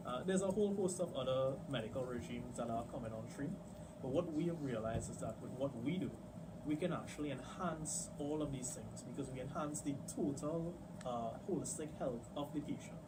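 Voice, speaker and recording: A man's voice: medium pitch, brisk, far from the mic. Male co-host, affirming and agreeable, off-mic with heavy noise. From Trinidad. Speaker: radio co-host. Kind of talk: casual radio chat.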